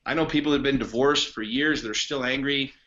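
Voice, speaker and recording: A man's voice: medium pitch, fast, bright, forceful tone, muffled recording. A man talking as a podcast guest and coach in casual conversation, blunt, emphatic and heavy on profanity.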